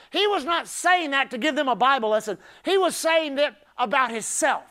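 A male pastor preaching a sermon emphatically, building up to shouted climaxes. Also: very high-pitched, lively intonation, moderate pace, hardly any pauses.

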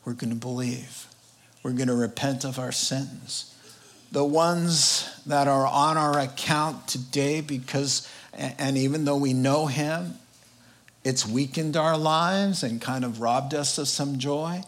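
A man's voice: medium pitch, slow. A man preaching a sermon as pastor, in a conversational, joking way that often acts out quotes.

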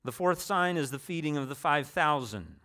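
A man's voice: fairly high pitch, lively intonation, moderate pace, bright, forceful tone. A man preaching a sermon in a conversational way, restarting phrases and adding personal asides.

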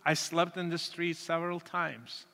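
A man's voice: on the high side, fairly even intonation, measured pace, creaky, pushed and bright, big-room sound. A man from Morocco, telling his own story in an earnest, emotional sermon testimony with many repetitions. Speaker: speaker giving his testimony.

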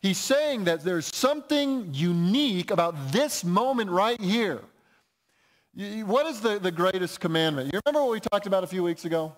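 A pastor preaching a sermon in a conversational, explaining way, often restarting phrases. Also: male voice, sits high, expressive, normal speed.

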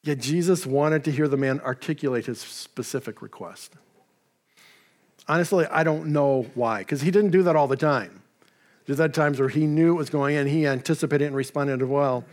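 A man's voice: fairly high pitch, moderate pace, a little mellow. A man preaching a sermon as pastor, in a conversational way with casual asides. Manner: conversational, with asides and paraphrased dialogue.

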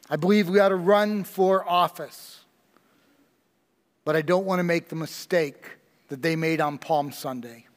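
A man preaching a sermon as pastor, slow and emphatic with dramatic pauses, in a church sanctuary. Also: fairly high pitch, in a large hall.

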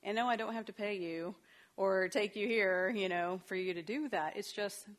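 A woman's voice: mid-range voice, moderate pace. A middle-aged woman leading a parenting workshop for a group, talking casually and animatedly with frequent laughter. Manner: conversational, animated, laughs often.

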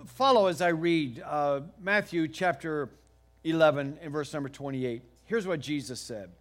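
A middle-aged American man preaching a sermon, telling a homey story in a folksy, animated way with frequent restarts. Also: on the high side. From United States. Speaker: pastor.

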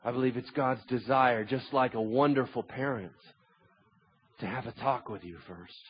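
A man preaching a sermon as pastor, telling stories and swinging between hushed tones and loud, emphatic points. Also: medium pitch, normal speed, slightly rough, lo-fi sound.

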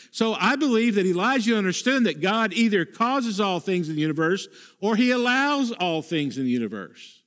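A male pastor preaching a sermon in an earnest, emphatic way, repeating key phrases, rising sharply when voicing a prayer and dropping low for quiet points. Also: lively intonation, normal speed.

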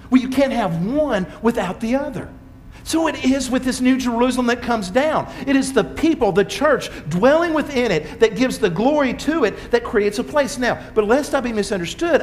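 A man preaching a sermon as pastor, swinging from strong emphasis to quiet asides. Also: high voice.

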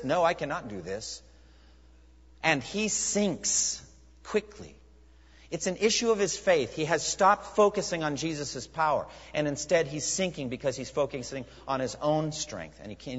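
A man preaching a sermon as pastor, emphatic, with rhetorical questions and dramatic pauses. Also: on the high side. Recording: muffled recording in a reverberant hall.

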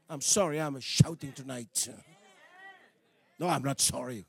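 A man preaches animatedly in a creaky, mid-range voice with a breathy edge. He moves from hushed asides to loud shouts, stumbling into repeats, and his phrasing is slightly non-native.

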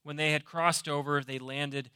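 A man's voice: fairly high pitch, little pitch movement, normal speed, sharp tone, clean tone, dry recording, clean studio sound. A man preaching a sermon as pastor, emphatic, asking rhetorical questions and repeating key phrases. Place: church.

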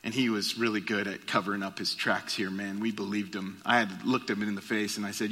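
Bright-voiced pastor in a reverberant hall. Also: male voice, steady tone, moderate pace. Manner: storytelling, drops soft and low for tender moments. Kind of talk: sermon.

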